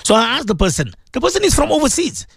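A man's voice: very high voice, huge pitch swings, quick pace, creaky, a bit bright, breathy edge, dry recording, studio quality. A man presenting on religious radio, preaching and pleading with his listeners, repeating himself as he talks. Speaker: radio presenter and Islamic teacher.

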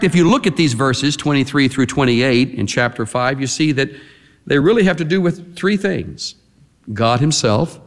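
A male pastor delivering a sermon with a lively, swinging delivery that rises and falls as he presses his points. He stretches out key words for emphasis. His voice rings with the long reverb of a large church hall. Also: medium pitch. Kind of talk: expository sermon.

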